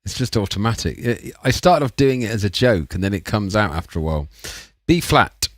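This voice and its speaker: A man's voice: lowish voice, expressive, a little fast, dry recording, clean studio sound. A man, rambling and chatting casually while making music on a livestream. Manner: rambling, chatty and self-mocking. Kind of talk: casual live-stream chat.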